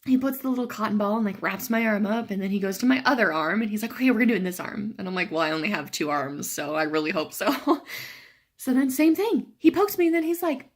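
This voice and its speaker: Chatty, sarcastic young woman, slightly gravelly. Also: on the high side, animated, fast talker. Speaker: cancer patient vlogger. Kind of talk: casual vlog storytelling.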